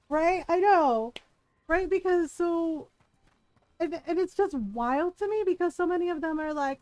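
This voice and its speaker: A high-pitched woman streamer chatting casually over her game, swearing freely and laughing through her stories. Her voice sounds close and dry, with no room around it. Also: animated, measured pace, darkish tone, no echo, poor audio. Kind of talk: casual storytelling while gaming.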